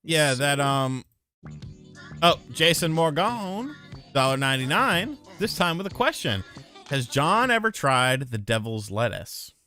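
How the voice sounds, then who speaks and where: A man's voice: a little high, a little slow, soft background music. A man hosting a casual livestream chat, reading donations and teasing his co-hosts. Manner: animated, teasing, swears freely. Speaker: host.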